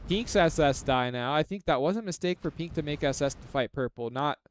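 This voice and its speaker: Sex: man. Role: live stream game commentator. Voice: fairly high pitch. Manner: chatty, analytical, filler-heavy. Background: faint noise. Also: lively intonation, brisk.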